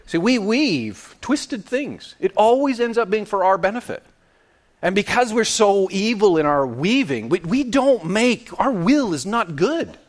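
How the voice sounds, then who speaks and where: A man preaching a sermon in an animated, playful way, acting out little scenes and quotes. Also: sits high, measured pace.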